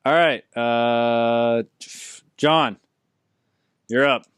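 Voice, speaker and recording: A man's voice: medium pitch, fairly even intonation, extremely slow, a bit bright, smooth, no room sound. A man running a tabletop game for friends, rambling with restarts and laughing asides. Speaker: game master.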